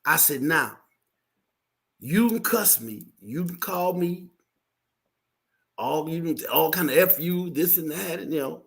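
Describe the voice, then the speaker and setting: A man co-hosting a podcast, telling a story in a lively way and acting out the people in it. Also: on the high side, measured pace, vocal fry, long pauses. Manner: lively, acts out voices in his story. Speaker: podcast co-host. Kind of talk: animated storytelling.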